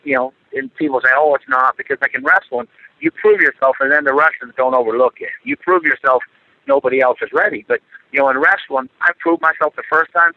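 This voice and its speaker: A man's voice: medium pitch, fast, no echo. A middle-aged man being interviewed, talking earnestly with lots of fillers and repetitions. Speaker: interview guest, former Olympic wrestler. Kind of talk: casual interview talk. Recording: dry tinny phone line.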